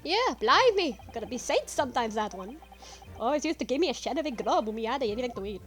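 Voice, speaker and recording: A rough Cockney thief, bickering with his brother, high and jumpy in pitch, as a woman puts him on. He swings wildly up and down as he blusters. Faint music hums behind him. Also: sing-song, fast talker. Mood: cheeky. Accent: Cockney put-on. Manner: loud, high, cheeky and rough.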